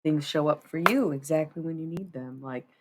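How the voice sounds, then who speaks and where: A woman's voice: low-pitched, moderate pace, background noise. A woman in her thirties chatting casually and profanely on a tarot livestream. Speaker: tarot-reading streamer.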